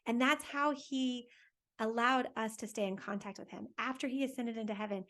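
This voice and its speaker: A woman hosting a faith lesson for families, telling a Bible story to children in a lively, conversational way and asking her listeners questions as she goes. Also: fairly high pitch, normal speed. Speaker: catechist host for families.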